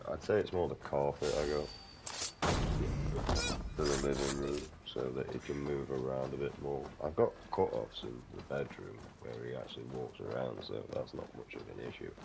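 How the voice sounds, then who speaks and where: A man with an extremely deep, gravelly voice talks casually while he plays a game. He rambles from one tangent to the next, swears freely and keeps calling the listener mate. The recording carries a clear noisy hiss underneath. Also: moderate pace. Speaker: gaming channel host. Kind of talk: casual chat over gameplay.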